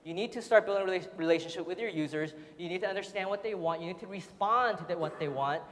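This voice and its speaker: A man's voice: high-pitched, fast talker, fairly bright tone, a little hiss or hum. Chatty man presenting in a hall. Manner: chatty, laughing often, frequent fillers. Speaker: seminar speaker. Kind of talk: casual seminar presentation. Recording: roomy hall reverb.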